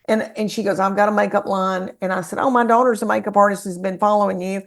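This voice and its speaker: A woman's voice: mid-range voice, fast talker, creaky. A woman with a Southern American accent, a comedian telling folksy stories in a casual podcast chat. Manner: folksy, animated storyteller. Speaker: guest comedian.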